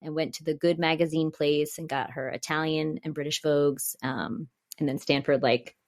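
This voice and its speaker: A woman with a low voice co-hosts a podcast, recapping a TV episode in relaxed, chatty conversation. Her tone is steady and her pace normal, and she laughs often while reading quotes from her notes.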